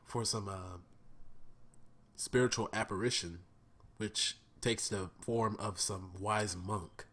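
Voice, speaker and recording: A man vlogging a casual, profane review of a cartoon episode, rambling with fillers and restarts and breaking into excited laughter. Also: lowish voice. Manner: profane, bursts into laughing squeals when excited.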